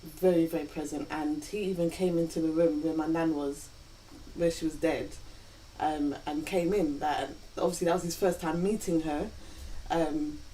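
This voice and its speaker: A woman's deep, mellow voice, fairly even and at normal speed, carries a personal story shared with her partner, where she earnestly quotes her own thinking. She's a vlog co-host in a reflective couple chat, recorded on a distant mic with a faint hiss.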